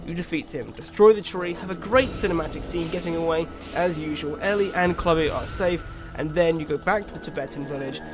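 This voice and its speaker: A fairly high-pitched man talks through a video game review in quick, excitable bursts. He reacts loudly to the big moments. Game music plays clearly under his voice.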